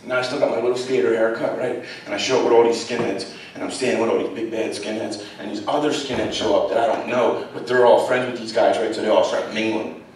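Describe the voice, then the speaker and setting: Man storyteller in a booming echoey theater. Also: steady tone, fast. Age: 30s. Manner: blunt, profane, conversational, keeps checking in with "right?". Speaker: guest speaker. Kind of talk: storytelling talk to a live audience. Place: large college theater, in front of a full house. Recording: very echoey theater, distant mic, faint hiss.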